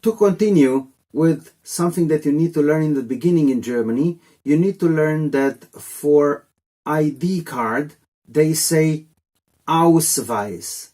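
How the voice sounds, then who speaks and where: Male tutor, relaxed mellow tone, loose jokey delivery for a casual video lesson. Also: a little high, unhurried. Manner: rambling, chatty, jokey asides. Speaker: language teacher.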